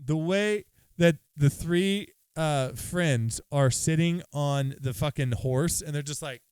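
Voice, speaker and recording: A man co-hosting a movie podcast, excitable, with quick reactions and joking asides. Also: fairly high pitch, clear, resonant tone, no echo. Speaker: podcast co-host. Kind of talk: casual movie chat.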